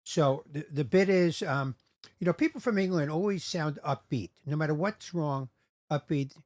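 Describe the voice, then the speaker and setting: A man's voice: fairly high pitch, normal speed, a little mellow, no echo. A man hosting a podcast, telling jokes and stories in casual chat. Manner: storytelling, joke-telling. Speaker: podcast host.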